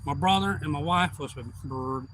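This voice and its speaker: On a live stream, a middle-aged man with a drawl wanders through a long, folksy story, swearing freely and looping back on himself. His voice is a bit higher than the typical man's and slightly bright, his pace moderate, with a faint hum underneath.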